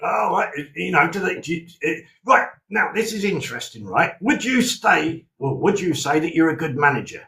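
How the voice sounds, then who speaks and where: A man's voice: fairly high pitch, big pitch swings, moderate pace, vocal fry, few pauses, bright, forceful tone. A man in his sixties hosting a casual chat show, teasing his guest with jokey banter. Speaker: host.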